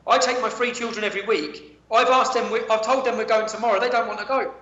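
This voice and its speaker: A man's voice: sits high, steady tone, fast talker, bright, forceful tone. A man, telling a guest's heated account, emphatic and repeating his words. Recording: echoey, dull-sounding audio.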